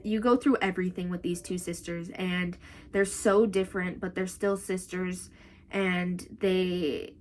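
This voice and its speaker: A young woman chatting casually about books in a vlog, animated and full of "like". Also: mid-range voice. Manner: chatty and animated, with frequent "like" and "y'all". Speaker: book vlogger. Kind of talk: casual book review chat.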